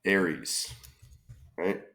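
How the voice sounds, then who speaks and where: A man's voice: extremely slow, bright, forceful tone. A man solving a crossword aloud, musing tentatively and often trailing off with questions. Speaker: crossword solver. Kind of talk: thinking-aloud puzzle solve.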